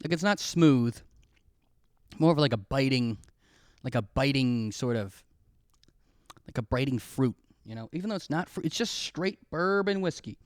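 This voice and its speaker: A man's voice: mid-range voice, expressive, moderate pace, long pauses, no echo, clean studio sound. A man hosting a casual solo podcast, telling rambling, profane, self-mocking stories. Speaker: podcast host.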